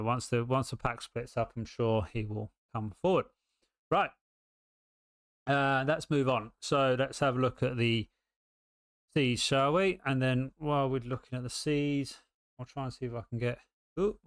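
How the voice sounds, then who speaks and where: British male stream commentator, casual and rambling, smooth mid-pitched voice. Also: dry recording, clean studio sound. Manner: chatty, rambling, many ums and restarts. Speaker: race commentator. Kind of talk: casual live esports commentary.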